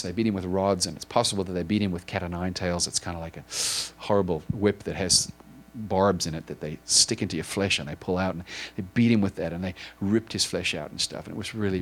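Halting, earnest lower-voiced male preacher. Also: fairly even intonation. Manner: halting, many repeated ands and restarts; earnest and emotional. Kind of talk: informal sermon retelling a story.

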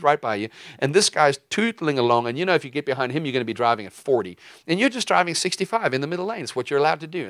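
A man giving a conversational teaching sermon in a lively way, breaking into quoted voices and jokey asides. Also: medium pitch, no echo, studio quality. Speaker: preacher teaching a lesson.

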